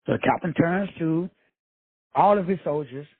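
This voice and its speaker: A man's voice: on the high side, moderate pace, husky, no echo. A man talking bluntly and profanely in a casual, streetwise motivational monologue as the host. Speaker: motivational speaker, show host. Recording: dry, tinny phone-like recording.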